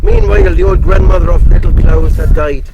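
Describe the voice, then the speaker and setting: A man's voice: high voice, steady tone, fairly quick, dull audio. A man telling a folk tale aloud in a park, often laughing and stumbling over words, then correcting himself. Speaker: storyteller. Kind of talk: oral folk-tale storytelling. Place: outdoors in a park. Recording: wind noise on an outdoor mic. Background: wind.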